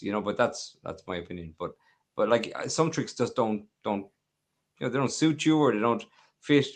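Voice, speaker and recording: A man's voice: medium pitch, fairly bright tone. A man co-hosting a magic podcast, talking casually, repeating words and dropping "you know what I mean" asides. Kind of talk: casual chat.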